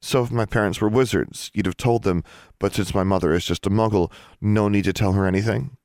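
A man's voice: on the low side, steady tone, brisk, darkish tone, no echo, clean studio sound, pitched above the performer's own voice, natural voice. A man voicing Alexandra, an upset, defiant teenage girl student, in a lightly raised, tense voice in an audiobook. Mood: indignant.

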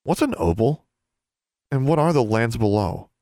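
A man's voice: mid-range voice, big pitch swings, moderate pace, dark tone, no echo, studio quality, pitched above the performer's own voice. A man voicing an earnest, stubborn teenage girl who pleads and teases in a storybook reading.

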